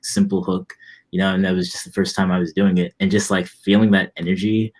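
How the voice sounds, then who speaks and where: A young man in his twenties, a musician guest in a casual interview, talking in a relaxed, rambling way with lots of fillers. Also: deep voice, fairly quick, noisy background.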